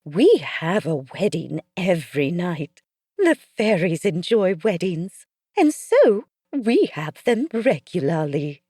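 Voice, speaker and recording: A woman's voice: on the low side, big pitch swings, takes it slowly, mellow, husky, no room sound, clean studio sound, exaggerated voice. A woman voicing a playful, regal female fairy queen with a teasing, lofty manner.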